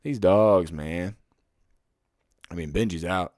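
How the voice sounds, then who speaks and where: A man's voice: low voice, slow pace, no room sound, clean studio sound. Profane, rambling young man podcasting. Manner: profane, rambling, gets loud and heated when ranting. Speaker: podcast host. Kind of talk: casual solo podcast chat.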